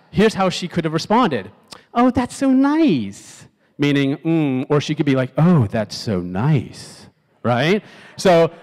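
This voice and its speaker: Man talking in a reverberant auditorium. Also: a little high. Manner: conversational, asks the audience questions, acts out text messages in different tones. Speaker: speaker giving a talk. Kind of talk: live stage talk to a youth audience. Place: large auditorium. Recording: long hall reverb from the auditorium.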